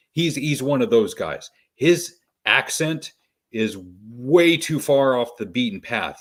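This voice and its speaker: A Canadian man co-hosting a podcast, telling stories in a wry, matter-of-fact way. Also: medium pitch. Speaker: podcast co-host. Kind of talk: casual chat.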